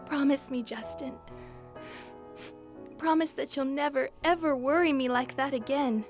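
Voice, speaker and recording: A spirited young heroine in a video game, tearful and pleading. Her voice is high and unhurried. Loud game music plays underneath. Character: spirited young woman adventurer, caring.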